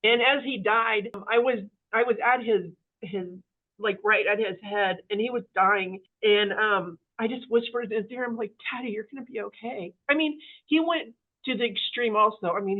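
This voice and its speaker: A woman guest telling her life story in an interview, animated and full of fillers, acting out the voices of the people in it. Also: a little high, normal speed. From Kansas City area, US. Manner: animated, acts out quoted voices, many fillers. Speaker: podcast guest. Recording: phone-like narrow audio.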